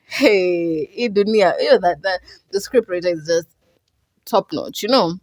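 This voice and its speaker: A woman's voice: medium pitch, moderate pace, no echo. Chatty Kenyan woman reviewing a movie. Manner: chatty, expressive, mixes English with Swahili. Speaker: podcast host and movie reviewer. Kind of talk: casual podcast movie review.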